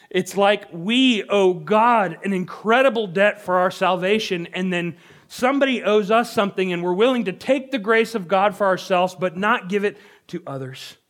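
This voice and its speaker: Young male pastor, fairly high voice, earnest conversational preaching. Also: fairly bright tone. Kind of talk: sermon.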